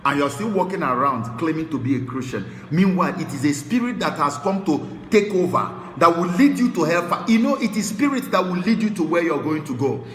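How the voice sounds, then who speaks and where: A Nigerian man preaches with fire, lurching from shouted declarations to low, hushed warnings. His voice is high and bright and leaps all over its range. The sermon rings through a large hall with long reverb. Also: a little hiss or hum. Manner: fiery, swings between shouting and hushed tones.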